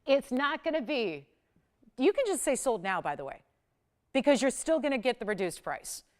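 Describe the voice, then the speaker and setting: At a moderate pace, a woman hosts a live home shopping show, pitching jewelry deals in a chatty, energetic way punctuated by sudden loud bursts.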